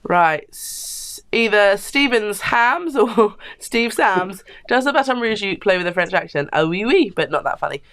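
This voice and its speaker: A woman's voice: medium pitch, expressive, measured pace, few pauses, a bit bright. A woman co-hosting a casual chat show, reading viewer comments aloud and laughing often.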